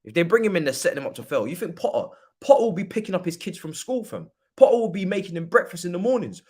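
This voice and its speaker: A young man hosting a football watchalong stream, talking casually in slang and breaking into loud mock-outraged rants. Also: high voice, expressive, fast. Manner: laid-back football opinions. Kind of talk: casual livestream chat.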